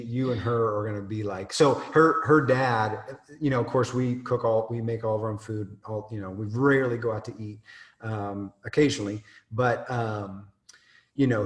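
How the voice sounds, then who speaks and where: A man hosting a podcast, chatting in a rambling way with many fillers. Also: fairly low pitch. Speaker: podcast host. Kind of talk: casual interview chat. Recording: roomy echo.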